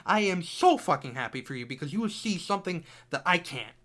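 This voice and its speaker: A young man in his twenties giving an angry, profanity-filled game critique, repeating himself, swinging between loud outbursts and low, bitter muttering. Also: sing-song, a little fast, hardly any pauses. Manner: furious, profane, repetitive ranting.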